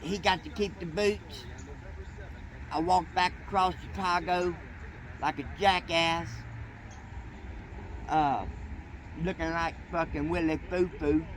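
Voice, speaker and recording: A man's voice: fairly high pitch, fairly even intonation, takes it slowly, pauses often, a bit bright. A man telling a rambling story in folksy, profane, colloquial speech, as a train-hopping vlogger. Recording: noisy outdoor street recording.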